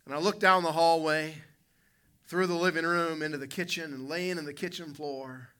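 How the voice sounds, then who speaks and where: A man preaching a sermon as pastor, telling a story in an animated way with sudden loud bursts. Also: on the high side, moderate pace, clean tone.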